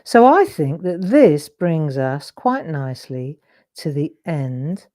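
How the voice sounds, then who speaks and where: Deep-voiced and mellow, a middle-aged woman takes her time, speaking slowly but with animation. She is a craft demonstrator and host, casually chatting through a live drawing demonstration in a rambling, self-interrupting way.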